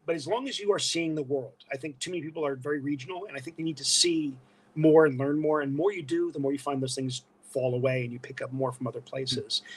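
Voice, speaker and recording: A man from Brooklyn with a New York accent, a guest chatting casually and telling animated stories. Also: a little high, slightly rough, poor audio. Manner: animated storyteller, breaks into voices. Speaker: guest, illustrator and costume actor. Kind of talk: casual interview chat.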